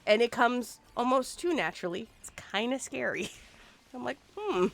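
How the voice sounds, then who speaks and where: A slightly high, creaky female voice talks at normal speed. Streaming a game, she chats in an animated, playful way, humming and singing fragments as she goes.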